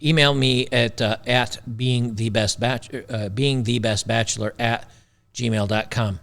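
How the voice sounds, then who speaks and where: A man's voice: medium pitch, steady tone, unhurried, creaky, a bit bright. A man hosting a talk show, giving blunt, sarcastic, rambling commentary on a video clip. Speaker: show host.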